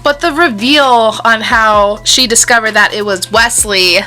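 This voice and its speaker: A young woman hosting a casual movie review, animated and sarcastic. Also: fairly high pitch, unhurried, faint music behind. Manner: animated, sarcastic, laughs often. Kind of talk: casual film review chat.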